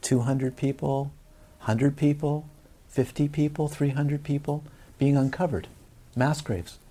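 Buddhist teacher, male, husky, chatty lecture style, keeps checking in with the audience. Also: on the high side, steady tone, a little slow, mellow. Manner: conversational, asks the audience frequent questions. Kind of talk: dharma talk to a live audience.

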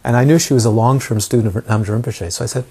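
Man, meditation teacher, dharma talk, husky voice, rhetorical questions. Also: medium pitch, fast talker, dark tone. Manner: repeated rhetorical questions to listeners.

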